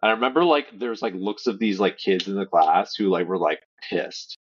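A man with a low voice tells a meandering anecdote on a podcast, swearing casually and stumbling over fillers. His voice comes over a remote call and sounds dull and lo-fi. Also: moderate pace, husky. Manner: rambling storyteller with swearing and fillers. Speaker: podcast co-host. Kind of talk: casual chat.

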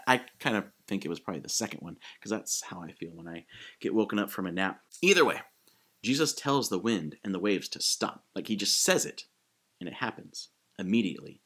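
A man preaching a sermon in a casual, animated way, acting out quick quotes as he goes. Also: low-pitched, husky. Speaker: pastor.

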